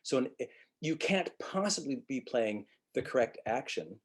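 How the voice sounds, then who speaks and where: A man teaching an acting webinar, blunt and profane, acting out quick lines of dialogue as examples. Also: mid-range voice, slightly rough. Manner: blunt, profane, animated, acts out quick quotes. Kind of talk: webinar lecture.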